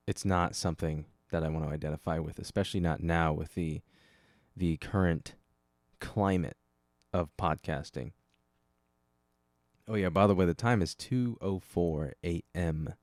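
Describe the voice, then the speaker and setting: A man with a very low voice chats through a solo podcast episode, rambling, restarting sentences and talking half to himself. The sound is close and dry, with no room echo, as he speaks into a desk microphone. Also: a little mellow. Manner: rambling, self-correcting, talks to himself. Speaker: podcast host. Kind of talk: casual solo podcast chat.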